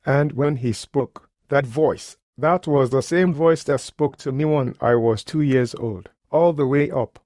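A preacher shares a personal testimony as sermon storytelling, earnest and plain-spoken, using colloquial grammar. His mid-range, slightly mellow voice moves unhurriedly with hardly any pauses, recorded dry with clean studio sound.

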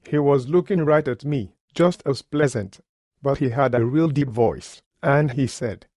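A man's voice: mid-range voice, unhurried, darkish tone, dry recording, studio quality. A man preaching, telling a personal testimony in an earnest, plain-spoken way with colloquial grammar. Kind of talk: sermon testimony storytelling.

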